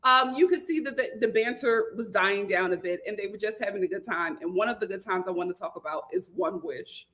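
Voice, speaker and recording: A young woman hosting a casual chat, telling stories in an animated, laughing way. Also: medium pitch, brisk, few pauses. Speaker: host.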